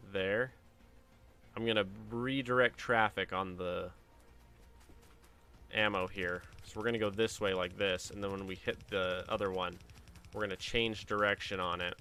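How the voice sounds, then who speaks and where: A man streaming a game, telling family stories in a casual, lively way and acting out the voices of the people in them. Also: sits low, clean tone. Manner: animated anecdote telling with acted-out quotes. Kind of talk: casual storytelling while playing a game.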